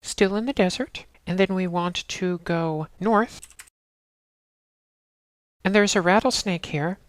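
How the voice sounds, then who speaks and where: Low-voiced woman narrating a game walkthrough. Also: slow pace, dry recording. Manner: steady, instructional, talks the player through each step. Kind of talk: casual let's-play walkthrough narration.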